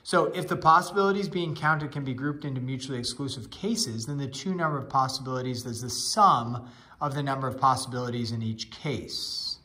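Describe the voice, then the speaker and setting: Male teacher with a bright, crisp voice, walking students through a math rule. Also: medium pitch, fairly quick. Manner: explanatory, plain. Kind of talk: explaining a lesson.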